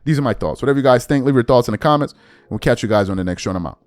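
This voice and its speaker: A man's voice: mid-range voice, expressive, racing, dry recording. A man hosting an opinion commentary show, talking in an emphatic, slangy way and sometimes mocking others. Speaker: commentary host.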